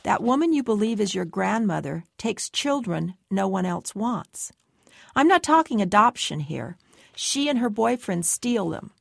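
A woman voicing a steady, patient man who poses as a store guard and tries to persuade a girl to come with him. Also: mid-range voice, measured pace, vocal fry, slightly rough, dry recording, studio quality, full character voice. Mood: urgent. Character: calm mysterious man posing as a store guard.

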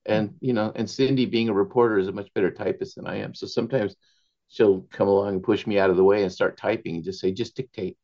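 A man, an author, telling animated anecdotes in an interview, laughing often and slipping into Spanish phrases. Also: on the low side, fast, creaky, highs cut off. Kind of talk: storytelling in a conversational interview.

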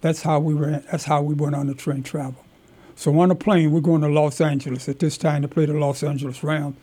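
An older man, a community elder, telling stories from his life in an animated, emphatic way as an interview guest. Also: a little high, a little fast, husky. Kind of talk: storytelling in conversation.

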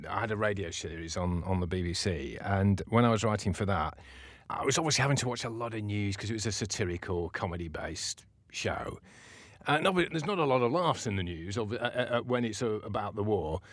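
A playwright being interviewed, telling a story in a lively way and acting out the voices he quotes. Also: mid-range voice, no echo, studio quality. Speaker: playwright guest.

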